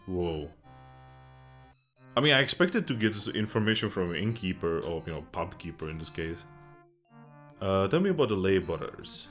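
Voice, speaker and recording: Low-voiced man, casual gameplay commentary, sarcastic asides, faint game music underneath. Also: big pitch swings, normal speed, pauses often. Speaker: let's play gamer.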